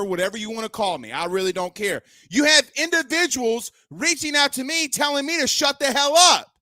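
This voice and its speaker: A man's voice: very high-pitched, dry recording. A man hosting a sports show, ranting about his team's loss and raising his voice. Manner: ranting, shouting at times. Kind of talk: fired-up sports rant.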